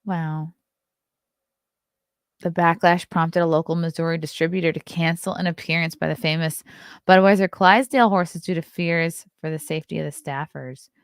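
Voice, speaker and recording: A woman's voice: low voice, fairly even intonation, normal speed, clear, resonant tone, dry recording, clean studio sound. Blunt sarcastic woman with Long Island accent. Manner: blunt, sarcastic, reads headlines aloud and riffs on them. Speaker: host. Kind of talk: casual morning livestream chat.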